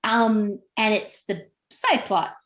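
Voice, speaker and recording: A woman's voice: mid-range voice, takes it slowly, roomy sound. A woman hosting a podcast, chatting about films in a bubbly, laughing way. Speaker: podcast host. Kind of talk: casual podcast chat.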